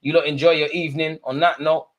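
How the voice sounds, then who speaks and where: A male football watch-along host of Eritrean heritage calls a live match for viewers, fast-talking with a fairly high voice. Excitable, he shouts at the players and the ref and tosses in chatty, joking asides.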